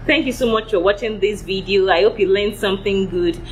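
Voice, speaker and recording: A woman vlogger walking viewers through a homemade skincare recipe in a steady, instructive tone. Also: medium pitch, fairly quick, slight background noise, poor audio. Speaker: beauty vlogger.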